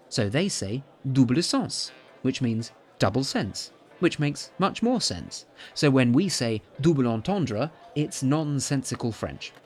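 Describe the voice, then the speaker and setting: A man's voice: mid-range voice, slight background noise. A man in his thirties hosting a podcast, narrating in a playful, chatty way with theatrical asides. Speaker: podcast host. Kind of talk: scripted comic narration.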